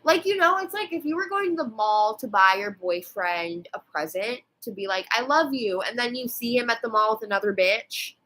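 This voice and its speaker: Twenties woman, bright, slightly high voice; rambling, sweary vlog rant full of fillers. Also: lively intonation, normal speed, few pauses, rough recording. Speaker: vlogger.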